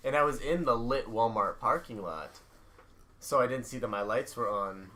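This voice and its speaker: A young man, a podcast co-host, telling a story in a laid-back casual chat, halting now and then. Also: mid-range voice, pushed and bright.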